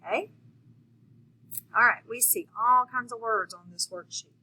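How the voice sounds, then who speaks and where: Bright, husky-voiced woman teaching phonics. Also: on the high side, animated, unhurried, rough recording. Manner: patient, encouraging, checks in often. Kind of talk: phonics lesson for young children.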